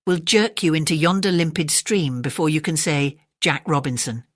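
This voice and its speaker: A woman's voice: low-pitched, normal speed, dry recording, studio quality. A woman voicing a pompous, long-winded male python snake in a storybook, speaking in a stiff, formal way.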